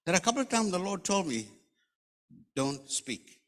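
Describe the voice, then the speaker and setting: A man's voice: high voice, big pitch swings, racing. A man preaching a conversational sermon as a pastor, telling rambling jokes and stories before reading scripture aloud. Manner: rambling, joking storyteller who reads scripture aloud. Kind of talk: conversational sermon with humorous asides. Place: church hall. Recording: long church hall reverb.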